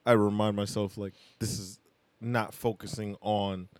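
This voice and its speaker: Low-voiced halting man on a podcast. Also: flat delivery, a little mellow, no room sound. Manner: halting, restarts his sentences. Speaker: podcast co-host. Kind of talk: casual chat.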